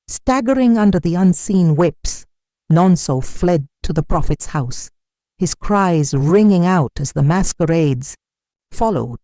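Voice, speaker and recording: An unhurried, dramatic storyteller reading a scripted tale. The voice is dark and mellow, and its pitch rises and falls a great deal. The sound is dry and close, with no room around it. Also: expressive, dry recording. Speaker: narrator.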